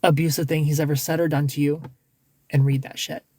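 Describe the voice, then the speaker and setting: A man's voice: fairly high pitch, level tone, a little fast, dark tone. A man hosting a casual livestream, giving blunt dating advice with lots of restarts and some swearing.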